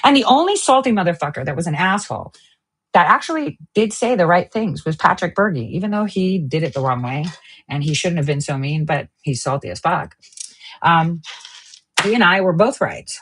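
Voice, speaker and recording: A woman hosting an online news stream, ranting angrily and with lots of profanity, swinging between sharp outbursts and low mutters. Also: expressive, normal speed, husky. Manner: profane, heated, jumps between shouting and muttering. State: extremely angry. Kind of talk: angry livestream rant.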